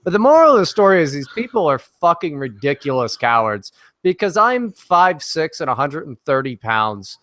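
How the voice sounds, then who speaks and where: A man on as a guest in a casual podcast chat, telling a story in a brash, profane, animated way. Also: a little high, moderate pace, dry recording.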